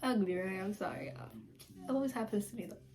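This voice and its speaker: A young woman vlogger casually telling a story to her camera, chatty and animated, full of "like". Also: quick pace, a crowd in the background. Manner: chatty and animated, heavy use of "like", jumps high when quoting people. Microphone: camera mic at home, filming herself.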